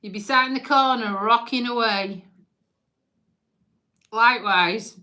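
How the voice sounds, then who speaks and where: A woman with a slightly high, sharp voice hosts a casual livestream at a slow pace. She chats and jokes with her viewers, teasing them and swearing freely.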